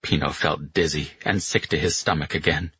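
Deep, husky man narrating slowly. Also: fairly even intonation, sharp tone, no room sound. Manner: measured, dramatic storytelling. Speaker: audiobook narrator. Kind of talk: scripted narration. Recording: slightly muffled dry recording.

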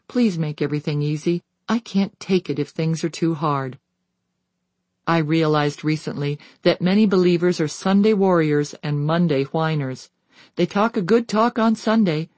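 A devotional book read aloud in a measured, even cadence, with scripture references spoken plainly. The voice sits at a middle pitch and is recorded close and dry, with no room sound around it. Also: dry recording. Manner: measured, steady reading, citing scripture verses. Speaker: audiobook reader.

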